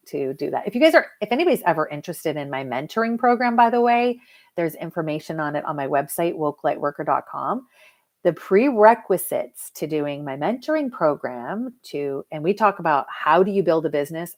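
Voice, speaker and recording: A woman hypnotherapist chatting casually to viewers on a live stream, lively and talking straight to her audience. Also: low-pitched. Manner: chatty and lively, addresses viewers as "you guys". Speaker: hypnotherapist and mentor.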